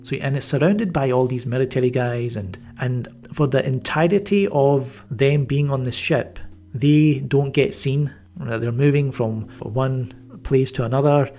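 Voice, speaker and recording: Male film reviewer, mid-range voice, casual and rambling, dry sarcastic asides, soft music bed. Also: medium pitch, measured pace, few pauses. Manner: rambling, with frequent fillers and restarts; wry, mildly sarcastic. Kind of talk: casual spoken movie review.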